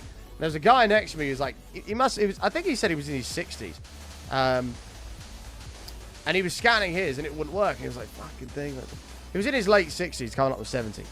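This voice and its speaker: A man's voice: a little high, fairly bright tone. A young man streaming a game, chatting with his viewers and telling long, sweary stories in a casual way. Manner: chatty storytelling, sweary, quick to greet viewers. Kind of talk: casual chat with live chat while gaming.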